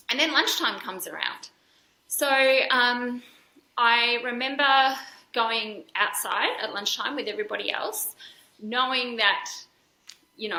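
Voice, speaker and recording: A woman's voice: mid-range voice, pushed and bright, reverberant, rough recording. A woman, a podcast guest, telling a personal story candidly and earnestly, with frequent fillers and restarts. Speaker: podcast guest, dance school founder.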